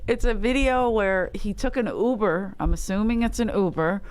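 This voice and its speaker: A woman's voice: medium pitch, normal speed, darkish tone. A woman guesting on a comedy podcast, telling a story in casual chat and laughing often.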